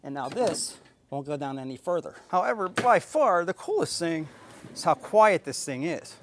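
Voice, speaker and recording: A man with a somewhat high voice talks through a product demo in a casual, excited way, explaining each step as he goes. He is outdoors, recorded on a camera mic. A faint machine hum sits behind him. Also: normal speed. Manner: enthusiastic, chatty, explaining step by step. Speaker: tool reviewer. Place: outdoors by a riding mower, later driving it. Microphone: camera mic, at times an action camera on the mower.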